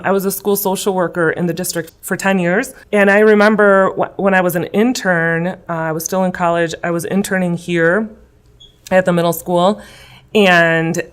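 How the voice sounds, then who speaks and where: Her voice is mid-range and smooth as this woman in her thirties, a political candidate from West Chicago, Illinois, answers interview questions in a school room. She comes across as earnest and emotional, leaning on many fillers.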